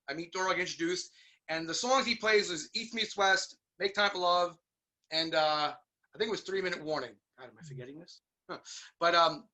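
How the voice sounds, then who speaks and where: A middle-aged man from New York telling stories in a casual interview, animated and acting out the voices of people he quotes. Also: high-pitched. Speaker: guest musician.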